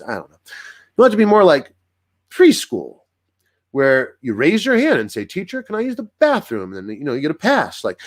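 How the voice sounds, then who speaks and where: A man working as a dog trainer, explaining in a casual, animated way and acting out what dogs think in little voices. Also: medium pitch. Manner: animated, acts out dogs' thoughts in voices. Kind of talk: casual instructional talk.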